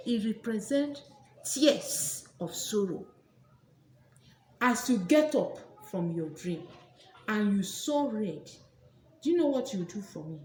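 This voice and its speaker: A woman hosting her channel, teaching in a sermon style, repeating phrases for emphasis and breaking into loud exclamations. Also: mid-range voice, animated, slow pace, roomy sound, slight background noise. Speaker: spiritual teacher, channel host.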